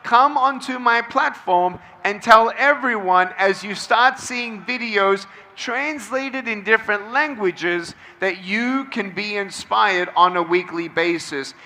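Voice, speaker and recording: Slow-paced and sharp-toned, this high-pitched motivational speaker barely pauses as he works a big crowd at an outdoor event. He hammers home phrases emphatically so the audience can call them back.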